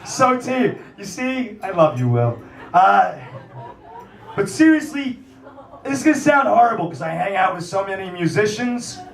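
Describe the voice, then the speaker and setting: In a small cafe, a man compering a live music night speaks with a high, sing-song, creaky voice at a moderate pace. The mic sits far away in a roomy space, catching his profane, filler-laden stand-up rant and his introduction of the following act.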